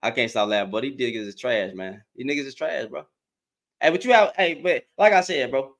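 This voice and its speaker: A man giving heated reaction commentary as an online commentator, animated and profane, repeating himself and laughing often. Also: mid-range voice, fairly quick, gravelly. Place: in Dallas, Texas.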